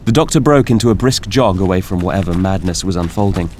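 Man, audiobook narrator, low voice, lively intonation, measured, faint background noise. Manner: measured storytelling, expressive. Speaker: audiobook reader. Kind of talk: scripted narration.

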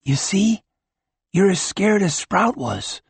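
A man's voice: high voice, sing-song, slow, slightly rough, no room sound, voice pushed up, heavily acted. A man voicing a laid-back, kindly hippie father who says "man" a lot. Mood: gentle coaxing. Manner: mellow slang, says "man" often.

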